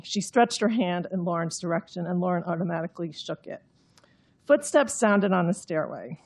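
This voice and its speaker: Understated, husky-voiced woman author. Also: on the low side, lively intonation, moderate pace, darkish tone. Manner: understated and droll. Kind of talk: reading her novel aloud, then explaining.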